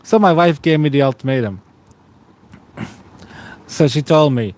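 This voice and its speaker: A man's voice: fairly high pitch, a little slow. A man in his thirties from Australia, chatting casually with stream viewers while lying tired in bed. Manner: relaxed, rambling, greets chat by name.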